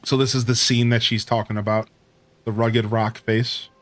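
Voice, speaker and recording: A man streaming a game, giving casual commentary and telling stories, chatty and animated, full of "like" and "dude". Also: mid-range voice, moderate pace, soft background music.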